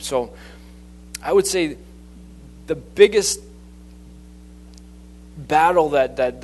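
Guy preaching from memory, stumbles and repeats himself a lot, voice on the higher side. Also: a little hiss or hum. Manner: halting, many restarts and repeated words. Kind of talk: sermon.

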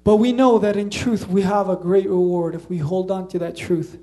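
Preacher, male, light Slavic accent, high and warm-toned, earnest conversational sermon delivery. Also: steady tone, normal speed.

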